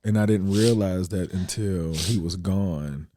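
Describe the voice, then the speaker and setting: A man thinking aloud candidly in a casual conversation, with many pauses and fillers. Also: deep voice, mellow, no echo, studio quality. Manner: candid, searching, with frequent fillers.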